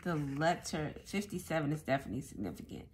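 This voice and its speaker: A woman giving a casual tarot reading, thinking out loud as she goes. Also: sits low, very animated, quick pace, a little hiss or hum. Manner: musing aloud, thinking out loud. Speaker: tarot reader.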